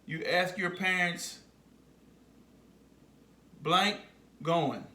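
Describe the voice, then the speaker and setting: A man teaching a phonics lesson to young children, slowly repeating words for them to say back. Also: high-pitched, pushed and bright, echoey room, recorded from a distance.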